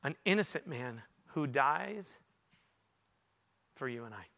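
A male pastor preaching a sermon to a large congregation in a church, earnest, rising to loud emphatic peaks and dropping to quiet confessional moments. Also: medium pitch, expressive, slow, creaky.

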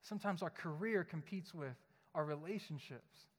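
A man's voice: high voice, normal speed, a bit bright. A young adult man, a pastor, preaching a sermon in a conversational, joking, storytelling manner. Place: church sanctuary. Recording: long hall reverb.

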